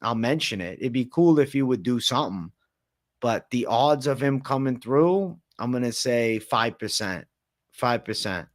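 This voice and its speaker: Brief: man, livestream host, relaxed slangy chatter, mid-pitched everyday voice. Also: unhurried. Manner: slangy, laid-back, chatty. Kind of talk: casual late-night livestream Q&A.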